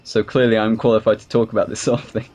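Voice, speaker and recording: A man's voice: on the low side, little pitch movement, fast talker, darkish tone, lo-fi sound, faint music behind. A man co-hosting an animation review show, talking casually and laughing easily. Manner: easygoing, laughs often, agreeable. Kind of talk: casual reaction commentary.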